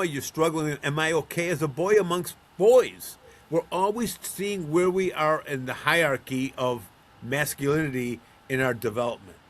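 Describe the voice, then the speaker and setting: A man from Buffalo, New York, a middle-aged or older counselor being interviewed, telling stories and acting out the voices of the people in them. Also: medium pitch. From Buffalo, New York, USA. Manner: storytelling, acts out quoted voices. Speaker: guest, counselor of men. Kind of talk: conversational interview.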